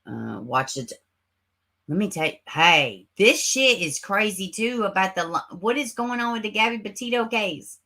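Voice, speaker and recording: A woman's voice: mid-range voice, normal speed. A woman hosting a casual livestream, reading chat comments. She talks sarcastically and swears a lot, close to her camera at home. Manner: sarcastic, animated, swears and laughs often. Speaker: livestream host. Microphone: camera mic.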